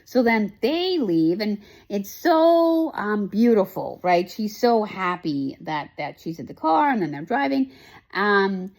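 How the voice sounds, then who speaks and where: A woman's voice: mid-range voice, sing-song, takes it slowly, darkish tone. Rambling, emotional woman recapping a show. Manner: emotional, rambling, many fillers and restarts. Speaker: host. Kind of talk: casual chat, recapping a TV show.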